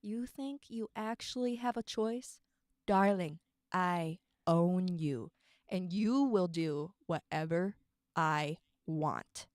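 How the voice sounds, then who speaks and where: A woman voicing a cold, possessive young female villain from a teen drama in a voice acting take, calm and condescending. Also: lowish voice, slow pace, dry recording, clean studio sound.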